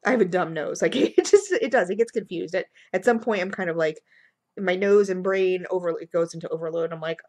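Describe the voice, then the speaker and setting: A woman with a cold, rambling excitedly through a casual review at home, recorded on her computer mic. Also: lowish voice, fast. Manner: gushing, rambling, many fillers. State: has a cold. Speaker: vlogger reviewing wax melts.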